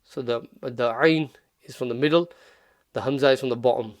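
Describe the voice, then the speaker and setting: A man teaching Quranic pronunciation in a relaxed tutorial, patiently repeating sounds slowly. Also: mid-range voice, dry recording, studio quality. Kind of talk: relaxed tutorial, modelling Arabic phrases slowly.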